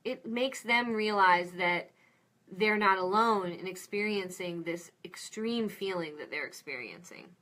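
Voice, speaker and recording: A woman giving an informal mini lecture on parenting, explaining clearly with a friendly manner and acting out example phrases. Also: mid-range voice, a little slow, pushed and bright.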